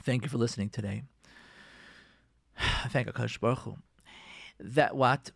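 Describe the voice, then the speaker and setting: A man hosting a radio show, giving marriage advice in an animated way and acting out arguing spouses. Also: mid-range voice, moderate pace, vocal fry, husky, dry recording, studio quality. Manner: lively, acts out quoted spouses in raised voice.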